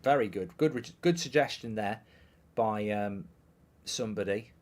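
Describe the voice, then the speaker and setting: Speaking a little slowly in a lowish voice, a thirtysomething man hosts a live football watchalong. He keeps the chat casual and reads viewer questions out in a dry, offhand way.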